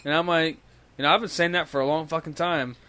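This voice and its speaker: A man's voice: fairly high pitch, steady tone, fast, sharp tone, no room sound. A young man in his twenties telling rambling stories in casual chat, swearing constantly and often breaking into laughter.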